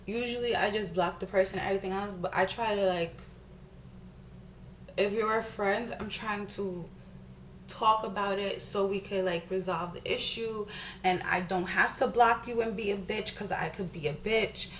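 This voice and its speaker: Young woman vlogger, mid-pitch, heated profane rant to camera while doing makeup at home, faint background hum. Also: fairly bright tone. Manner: fast, profane, repeats herself. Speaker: beauty vlogger.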